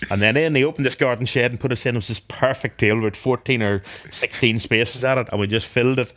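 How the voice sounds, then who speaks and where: A man's voice: mid-range voice, steady tone, fast, a bit bright. A man with an Irish accent, a guest on a podcast, telling dry, understated stories in a casual chat. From Ireland.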